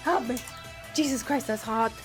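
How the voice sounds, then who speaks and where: High-voiced young woman telling a story. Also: moderate pace, faint music behind. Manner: rambling, giggly, many restarts. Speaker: streamer. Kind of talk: casual storytelling to chat.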